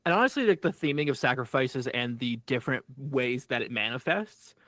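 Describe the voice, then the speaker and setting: A man chats on a podcast in a rambling, jokey way, full of fillers. His voice sits mid-pitch and sounds dry and close. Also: expressive, brisk, bright, forceful tone, no room sound. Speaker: podcast co-host. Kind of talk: casual recap chat.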